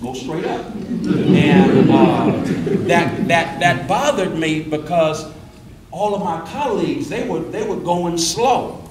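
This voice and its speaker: A middle-aged preacher teaches a workshop in a rapid, animated way, stumbling over repeated words before a thought takes off. His voice sits fairly high for a man. He is picked up from some distance in a reverberant room with faint noise. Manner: fast-talking, animated, repeats words when starting a thought. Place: indoor room with an audience.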